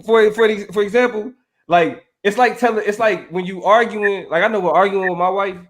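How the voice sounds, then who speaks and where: A man's voice: high-pitched, steady tone, a little fast. A man co-hosting a casual podcast chat, laid-back and loose, laughing often. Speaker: podcast co-host.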